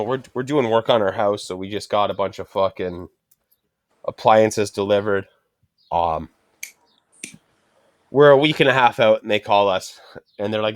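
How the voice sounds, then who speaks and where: A man's voice: fairly low pitch, no echo. A middle-aged man telling a frustrated story in casual chat, swearing constantly and ranting. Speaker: podcast host.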